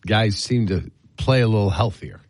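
A man's voice: fairly low pitch, moderate pace, a little mellow, no echo. A man co-hosting sports talk radio in an easygoing, casual way. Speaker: radio co-host.

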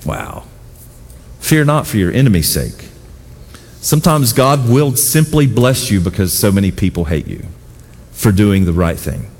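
A man preaching a sermon with animated, emphatic delivery and repeated exhortations. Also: on the low side, a little slow, slightly rough. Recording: long hall reverb with faint music.

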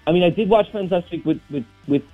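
A man's voice: high-pitched, fast, faint music behind. Stammering man on a tinny phone line. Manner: stammering, flustered. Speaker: caller.

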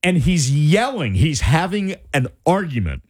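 A man telling a personal story in a casual, animated way, full of "like" and restarts. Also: a little high, measured pace, husky, no room sound, studio quality. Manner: animated, wide-ranging delivery, lots of "like" and restarts.

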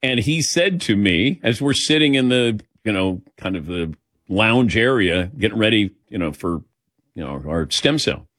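A man's voice: lowish voice, lively intonation, normal speed, a bit bright, no echo, studio quality. A man hosting a sports talk show, telling anecdotes in a casual way and acting out the dialogue. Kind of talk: casual radio show storytelling. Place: radio studio. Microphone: studio microphone.

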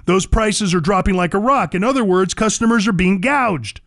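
A man with a notably high voice hosts a talk radio show, pressing his opinions in an emphatic, fired-up monologue. He hammers his points home by repeating phrases. The sound is dry and close, with no room around it. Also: moderate pace, a bit bright, no echo.

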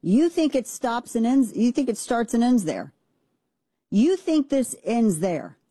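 Woman, emphatic commentary, warm mellow voice, dry room. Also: on the high side, sing-song, measured pace, dry recording. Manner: emphatic, blunt, rambling with restarts. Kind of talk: opinionated monologue.

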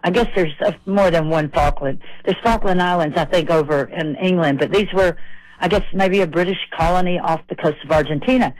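A middle-aged woman from Tennessee, a country singer telling rambling, animated anecdotes as a guest. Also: fairly low pitch, brisk, no room sound, low-quality recording. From Nashville, Tennessee. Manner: chatty, rambling, animated retelling.

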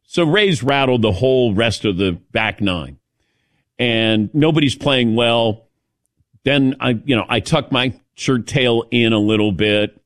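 A man's voice: mid-range voice, unhurried, no echo, studio quality. Middle-aged man telling a story on air. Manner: storytelling, animated, calls on cohosts. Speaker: radio show host. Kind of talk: casual studio chat.

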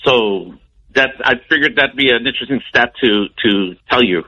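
A man's voice: medium pitch, normal speed, pushed and bright. A man calling in to a radio show, rambling and hesitant as he explains a point. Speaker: caller. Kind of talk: phone-in chat. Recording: dull lo-fi phone line.

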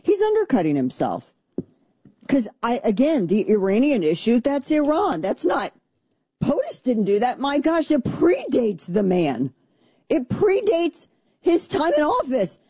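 A woman's voice: high voice, wildly swooping pitch, measured pace, warm tone, slightly rough, dry recording. A woman hosting a political talk radio show, talking in a blunt, combative and sarcastic way into a studio microphone.

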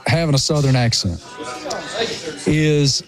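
A man with a rural Appalachian accent, chatting as a sports radio co-host in an animated, self-mocking way. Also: a little high, takes it slowly, faint music behind. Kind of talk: casual chat.

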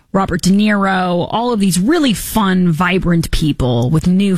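A woman hosting political commentary, talking in a sarcastic, mocking and animated way. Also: lowish voice, vocal fry, no echo.

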